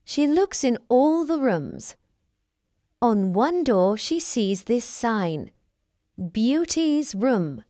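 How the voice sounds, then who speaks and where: Female narrator for a graded reader; clear, deliberate, slightly high. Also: very animated, warm tone, no room sound. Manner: clear, deliberate reading for learners.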